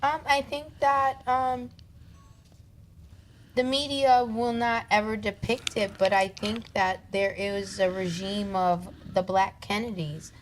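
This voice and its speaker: A woman talking as a podcast guest in casual conversation, relaxed and earnest, laughing easily. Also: medium pitch, slow pace, a little hiss or hum, poor audio. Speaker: guest, cannabis company co-founder.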